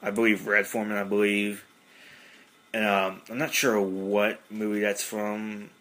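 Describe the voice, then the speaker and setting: A man's voice: lowish voice, little pitch movement, a little slow, fairly bright tone. A man hosting a casual podcast monologue, rambling with many fillers. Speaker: podcast host.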